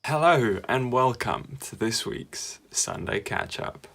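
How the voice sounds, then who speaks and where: A man's voice: mid-range voice, expressive, slow, fairly bright tone. A young man, a university student, presenting a church livestream catch-up segment in an upbeat, friendly manner. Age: young adult.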